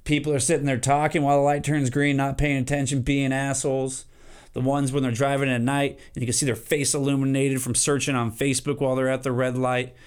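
A man hosting a solo podcast, ranting comically and jumping into high silly voices for his examples. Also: level tone, brisk, clear, resonant tone. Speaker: podcast host. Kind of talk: solo comedic podcast rant.

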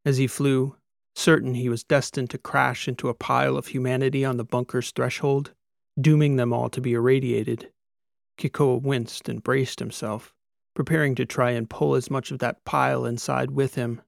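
A man reading a science fiction story aloud. His delivery is steady and measured, with a gravelly texture. The sound is dry and close to the mic. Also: medium pitch, dry recording. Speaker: audiobook narrator. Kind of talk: scripted narration.

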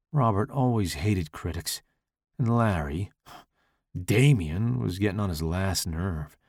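Gravelly, expressive male horror narrator. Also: deep voice, takes it slowly, no room sound, studio quality. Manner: expressive, dramatic storytelling. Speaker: audiobook narrator.

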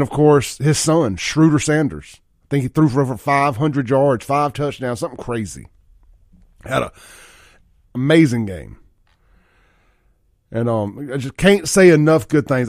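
A man's voice: a little mellow, dry recording, studio quality. A man hosting a radio talk show, chatting about sports in a folksy, opinionated way and getting worked up as he rants. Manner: folksy, worked-up rants, pitch climbing when riled. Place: radio studio. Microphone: studio microphone.

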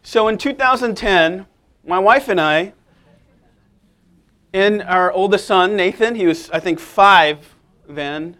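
High-voiced man preaching with jokes. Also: takes it slowly, long pauses. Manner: lively, joking, addresses congregation directly. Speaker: guest preacher. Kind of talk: sermon with humor.

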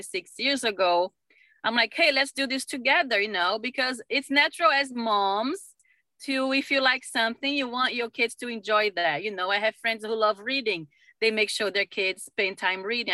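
A middle-aged woman, a mother, telling stories in a casual conversation, animated and laughing often. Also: mid-range voice, dry recording. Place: lives in Utah.

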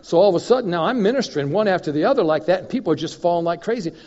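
Guy preaching, telling stories, laughing, doing little boom noises, muffled recording, big echoey church hall. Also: rapid-fire. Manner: animated storyteller, chuckles, mouth sound effects. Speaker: guest minister. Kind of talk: sermon with personal storytelling.

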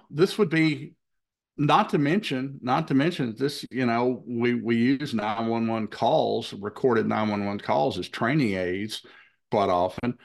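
Man, podcast cohost, gravelly low voice, joking, teasing, casual chat. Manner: joking, teasing, restarts often. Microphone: travel mic, from an airport.

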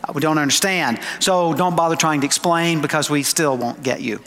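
A man preaching a sermon to his congregation, emphatic, slowing down for quoted scripture and dropping into conversational asides. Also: on the high side, vocal fry, a bit bright. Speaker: pastor. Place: church sanctuary. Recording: long hall reverb.

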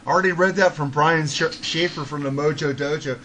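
A man hosting a podcast, swearing constantly and ranting with excitable energy. His voice sits a bit high for a man, and there is a faint noise under the recording. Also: a little fast. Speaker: podcast host. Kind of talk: casual podcast chat.

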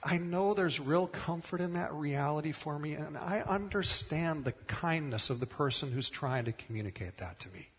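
A man's voice: a little high, lively intonation, moderate pace, hardly any pauses, slightly rough, in a large hall. A middle-aged man preaching a sermon as pastor, earnest and emphatic, repeating words for stress.

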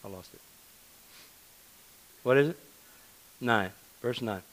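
A man's voice: mid-range voice, takes it slowly, fairly bright tone, low-quality recording. A man preaching a sermon in a conversational, earnest manner, often repeating words for emphasis.

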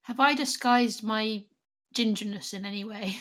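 A woman's voice: mid-range voice, unhurried, fairly bright tone. A woman playing a tabletop game, playful and giggly, talking in casual bursts. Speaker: player.

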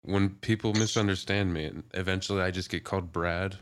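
A male podcast co-host with a very low-pitched voice. He talks in an easy, low-key way in casual chat and drops crude wisecracks. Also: fairly even intonation, brisk, clear, resonant tone.

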